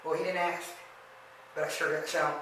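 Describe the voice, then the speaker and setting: A woman's voice: low-pitched, normal speed, a little hiss or hum. A woman guest tells her story evenly and matter-of-factly, with very little rise and fall in her voice. She sounds distant from the mic in a very echoey room. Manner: even, matter-of-fact telling of eerie experiences. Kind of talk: casual storytelling.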